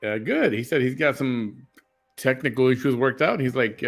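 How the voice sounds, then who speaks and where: A man's voice: medium pitch, expressive, normal speed, creaky, faint music behind. A man hosting a late-night casual chat, easygoing, laughing often and greeting viewers by name. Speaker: host.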